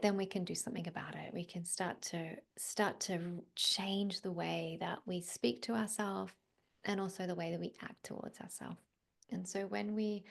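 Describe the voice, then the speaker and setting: A middle-aged woman with an Australian accent, a psychologist speaking as a podcast guest, gentle and reflective, often dropping to a near-whisper. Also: medium pitch, vocal fry. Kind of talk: conversational podcast interview.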